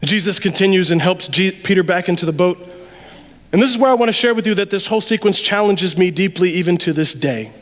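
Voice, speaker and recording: High-voiced preacher in a reverberant church. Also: male voice, fast talker. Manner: conversational, animated preaching with sudden drops to quiet. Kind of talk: sermon. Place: church sanctuary. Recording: long reverb of a large hall.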